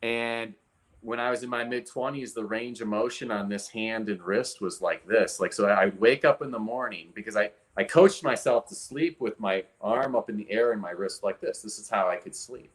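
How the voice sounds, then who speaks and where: A man in his forties speaks as an interview guest in a fairly low voice. He tells his own story with energy and demonstrates the movements with his arm and hand. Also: moderate pace. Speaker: guest expert.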